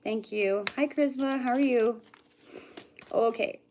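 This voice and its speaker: A woman's voice: a little high, measured pace, noisy background. Chatty woman doing live psychic readings. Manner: chatty, greets viewers by name, hums and mutters to herself between readings. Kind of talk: casual livestream chat with viewers.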